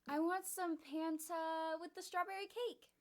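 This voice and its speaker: A woman voicing a mischievous, clingy young man in a fan fiction reading, in a high excitable put-on voice. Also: moderate pace. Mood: excited. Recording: very echoey room.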